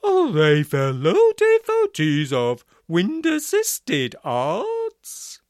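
A man voicing a pompous, sinister man with a booming, theatrical, drawn-out voice. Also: wildly swooping pitch, darkish tone, no echo, studio quality, full character voice.

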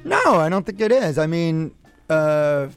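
A man's voice: on the high side, animated, unhurried, vocal fry, clear, resonant tone, soft background music. A man hosting a call-in radio advice show, giving friendly advice in a rambling, self-correcting way. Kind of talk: casual call-in chat.

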